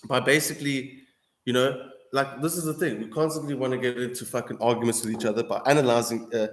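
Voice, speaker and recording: Young male streamer, mid-pitched, ranting hard and swearing, echoey room. Casual defiant monologue. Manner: heated, profane, repeats "bro" and "dude". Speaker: streamer answering viewers.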